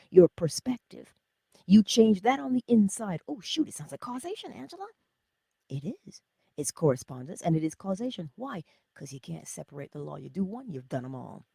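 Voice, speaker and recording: A middle-aged woman hosting a spiritual self-help livestream, talking casually and animatedly, jumping from loud exclamations to whispers. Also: lowish voice, gravelly, breathy edge, no room sound. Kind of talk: casual motivational talk.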